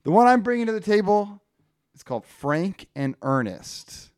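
A man's voice: high voice, sing-song, normal speed, darkish tone, dry recording. Laughing podcast co-host man, dry sound. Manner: reads pun-filled comic strips aloud, laughing through them. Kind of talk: casual comedy podcast chat.

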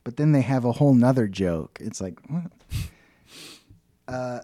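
A man co-hosting a casual podcast, laid-back and deadpan, cursing now and then. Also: mid-range voice, measured pace, no room sound, clean studio sound. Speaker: podcast co-host. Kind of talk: casual chat.

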